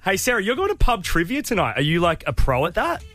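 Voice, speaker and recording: A man's voice: sits high, huge pitch swings, fast, pushed and bright, dry recording. A man with an Australian accent hosting a radio show, trading jokes and teasing banter. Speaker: radio host. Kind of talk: casual radio chat.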